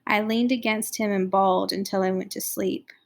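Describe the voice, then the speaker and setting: A woman's voice: mid-range voice, normal speed, vocal fry. A woman reading a novel aloud, narrating expressively. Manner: expressive reading, voicing each character. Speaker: audiobook reader.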